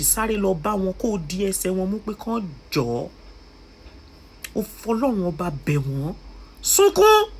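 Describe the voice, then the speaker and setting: A woman's voice: medium pitch, slight background noise, rough recording. A young woman with a Nigerian Yoruba accent giving emotional vlog commentary, pleading and scolding by turns. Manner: impassioned, switching between pleading and scolding. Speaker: social media commentator.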